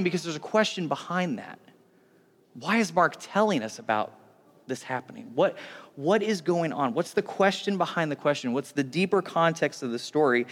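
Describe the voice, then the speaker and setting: A man's voice: a little high, a bit bright. A man in his thirties preaching a sermon as a pastor, conversational and joking, often breaking off mid-sentence. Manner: conversational, joking, self-interrupting. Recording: long hall reverb.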